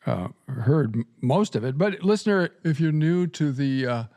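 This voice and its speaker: Creaky-voiced chuckling man hosting a podcast. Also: on the high side, lively intonation, moderate pace, noisy background. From Nebraska, USA. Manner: chatty, chuckles often, frequent restarts. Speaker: podcast host and seminary professor. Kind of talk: casual podcast chat.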